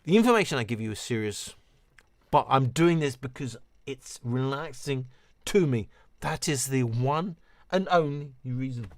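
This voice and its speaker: A man hosting a relaxed late-night livestream, rambling and a bit tipsy. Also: medium pitch, a little slow, creaky, no echo. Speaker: livestream host.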